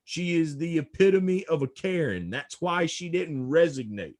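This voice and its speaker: A man with a slightly raised pitch talks through politics in a relaxed podcast chat. He pushes his points hard and often stutters a word over and over before the sentence comes out. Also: unhurried. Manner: emphatic, often repeats a word several times before going on. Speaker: political commentator. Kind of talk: casual podcast discussion.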